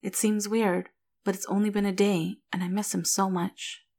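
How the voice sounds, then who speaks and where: A woman voicing an exhausted new mother who speaks weakly and quietly, with a dry wit. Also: medium pitch, little pitch movement, normal speed, lightly acted. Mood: tired, warm. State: weak and drowsy.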